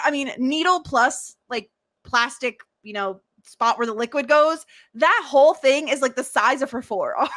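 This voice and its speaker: A woman's voice: high-pitched, moderate pace, dry recording. Chatty woman podcast host, dry sound. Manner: chatty, animated, laughs often, quotes characters. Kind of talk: casual chat recapping a TV episode.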